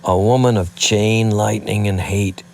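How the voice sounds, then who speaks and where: A man's voice: lowish voice, fairly even intonation, unhurried, vocal fry, a little mellow, slight background noise. A man reading aloud, voicing a bitter, sarcastic rich man near death.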